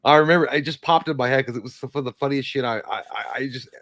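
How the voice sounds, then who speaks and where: A man's voice: mid-range voice, racing, a bit bright, dry recording. A man, co-hosting a casual livestream and telling a rambling story through frequent laughter. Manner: laughing, rambling anecdote teller. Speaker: podcast co-host.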